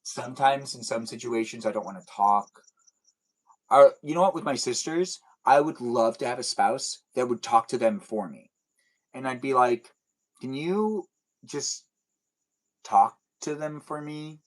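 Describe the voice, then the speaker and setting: A man's voice: mid-range voice, normal speed, slightly rough, rough recording. A young man hosting a casual livestream, chatting and joking in a rambling, self-deprecating way as he answers viewers. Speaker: livestream host. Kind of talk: casual chat reading viewer comments.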